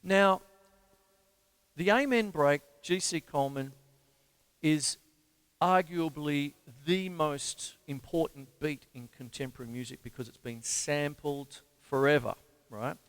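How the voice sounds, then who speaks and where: A man's voice: on the high side, unhurried, a bit bright, clear, resonant tone. A man with an Australian accent, hosting a casual drum lesson, chatting with fillers and counting beats aloud in rhythm. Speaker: drum teacher and show host. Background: drum kit playing.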